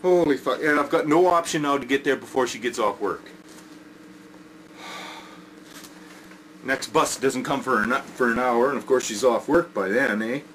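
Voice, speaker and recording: A man's voice: mid-range voice, measured pace, long pauses. Older canadian guy ranting mad, cussing nonstop, keeps saying eh, faint hiss behind him. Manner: furious, swearing, yells and repeats himself. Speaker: vlogger. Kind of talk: angry rant to camera.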